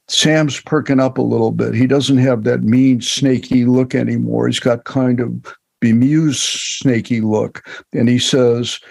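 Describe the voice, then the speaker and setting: An older man with a gravelly, fry-tinged voice tells relaxed, wry stories from his directing days. The sound is dry and close, with no room around him. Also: medium pitch, unhurried, no echo. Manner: relaxed, wry anecdotal storytelling. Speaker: film director, guest. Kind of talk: storytelling in an interview.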